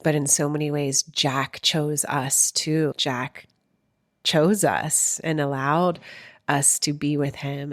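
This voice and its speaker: A woman in her forties hosting a podcast, speaking in a tender, heartfelt spiritual monologue with unhurried pauses, at times close to tears. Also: deep voice, fairly even intonation, a bit bright, no echo. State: tearful at times. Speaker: podcast host.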